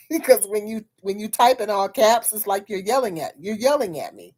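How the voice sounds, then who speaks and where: A woman's voice: medium pitch, expressive, fairly quick, darkish tone, breathy edge. A woman hosting a casual livestream who rambles, repeats her words and breaks into laughter often while talking frankly to her viewers. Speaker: livestream host.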